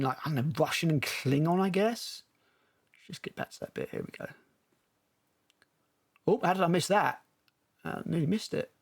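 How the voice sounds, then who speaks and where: A man's voice: on the high side, darkish tone. A male film critic giving blunt, sarcastic, profane commentary while reacting to a movie trailer.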